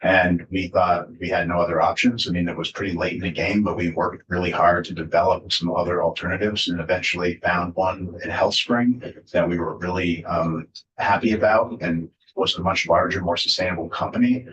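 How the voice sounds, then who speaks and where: A deep-voiced man testifies to a committee, explaining figures patiently and padding his answers with fillers. He sits away from the microphone in a reverberant hearing room, with faint hiss underneath. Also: steady tone, moderate pace, a bit bright, distant mic, muffled recording. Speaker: state official testifying to a committee.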